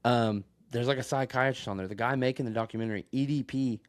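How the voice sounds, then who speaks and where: A man's voice: medium pitch, fast talker. A man recorded on a phone, rambling through a crude story in casual podcast chat and laughing often. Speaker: podcast co-host.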